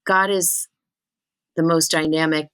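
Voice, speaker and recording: Chatty low-voiced woman podcaster. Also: a little slow, smooth, no room sound. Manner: chatty, animated, self-teasing. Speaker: spiritual medium and podcast host. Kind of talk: casual solo podcast talk.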